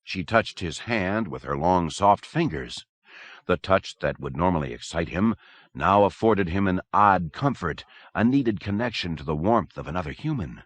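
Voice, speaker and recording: Deep-voiced male audiobook narrator. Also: lively intonation, moderate pace, fairly bright tone, no echo. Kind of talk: scripted narration.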